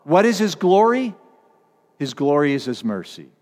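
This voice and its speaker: A pastor preaching a sermon, stressing and repeating key words, swinging from loud declarations to hushed, low lines. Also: male voice, sing-song, moderate pace, long reverb tail.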